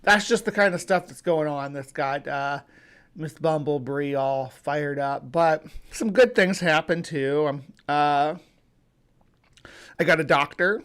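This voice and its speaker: Rambling livestream host, fairly high voice. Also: male voice, fairly bright tone, smooth. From United States. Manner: rambling, halting, many fillers and restarts; greets viewers by name. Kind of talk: casual livestream chat.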